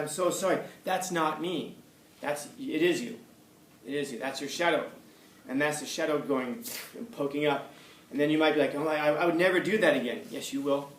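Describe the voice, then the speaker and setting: A man gives a casual classroom lecture at an ordinary pitch and often repeats his points for emphasis. His voice bounces around a roomy space and sits away from the mic. A faint noise runs underneath. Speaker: teacher. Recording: echoey room, far from mic, faint noise.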